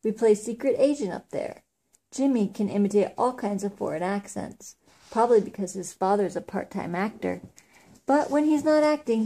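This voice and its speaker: A woman's voice: medium pitch, warm tone. A woman reading a children's book aloud in a casual way, with small slips. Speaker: reader.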